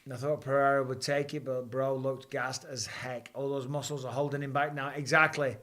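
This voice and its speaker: A man, hosting a live fight watch-along and calling the action with rising excitement. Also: mid-range voice, a little fast. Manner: excitable, rising for big moments. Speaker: host. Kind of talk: live fight commentary and chat.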